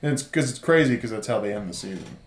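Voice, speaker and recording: A man co-hosting a podcast, recapping a TV series in loose casual chat full of fillers and quick laughs. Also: lowish voice, lively intonation. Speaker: podcast co-host. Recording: roomy echo.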